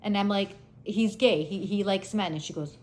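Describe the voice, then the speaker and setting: A woman in her thirties talks casually to her viewers, recounting family stories. Her delivery is animated and she laughs along as she goes. Her voice sits in an ordinary middle pitch. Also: moderate pace. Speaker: vlogger. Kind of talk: casual storytelling chat.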